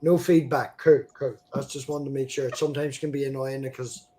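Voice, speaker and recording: A man's voice: mid-range voice, fairly even intonation, a little fast, warm tone. A man joining a casual online voice chat, friendly and joking.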